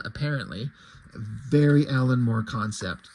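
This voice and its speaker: A man's voice: a little high, lively intonation, moderate pace, poor audio. A man reviewing a comic book in a loose, casual chat, swearing now and then and paraphrasing the dialogue in a plain reading voice.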